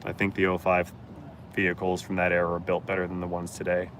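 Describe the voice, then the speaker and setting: Man, low voice, blunt mechanic answering live chat, casual, faint outdoor noise behind. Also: monotone, fast talker, fairly bright tone. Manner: plainspoken mechanic, blunt and joking.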